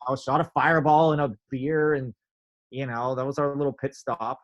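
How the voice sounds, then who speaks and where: A man telling a story in a casual interview, animated, filling his talk with "like" and acting out quotes. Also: medium pitch, brisk, lo-fi sound. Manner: animated, many "like" fillers, acts out quotes. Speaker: podcast guest, drummer.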